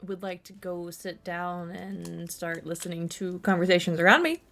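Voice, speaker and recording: A woman's voice: lowish voice, moderate pace, vocal fry, fairly bright tone, faint music behind. A woman playing a tabletop game, wry and teasing toward the other players.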